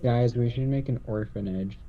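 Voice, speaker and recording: A man playing a tabletop game, speaking with a teasing, deadpan manner. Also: medium pitch, normal speed. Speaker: player. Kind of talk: casual chat during a tabletop game. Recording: dull lo-fi mic.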